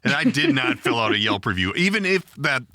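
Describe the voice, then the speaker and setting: A man's voice: mid-range voice, wildly swooping pitch, a little fast, sharp tone, dry recording, studio quality. A middle-aged man hosting a podcast, telling a long, rambling, profane story in a self-deprecating way. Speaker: podcast host. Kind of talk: casual storytelling chat.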